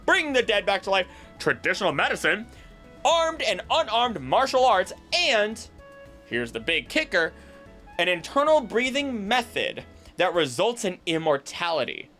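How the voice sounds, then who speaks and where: A man hosting a video, explaining myths in an animated, jokey, tangential way. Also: high-pitched, measured pace, soft background music. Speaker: voice actor and video host. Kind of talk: casual explanatory commentary.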